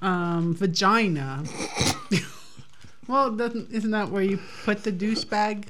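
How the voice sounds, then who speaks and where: A woman's voice: medium pitch, takes it slowly, fairly bright tone. A woman co-hosting a podcast in casual chat, teasing and playful. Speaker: podcast co-host.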